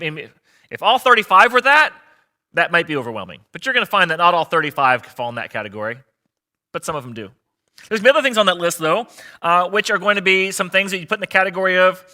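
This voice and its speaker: A man's voice: on the high side, sharp tone. A male pastor giving a sermon in a conversational, earnest way, with frequent fillers and restarts. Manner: conversational, earnest preaching with fillers and repeated words.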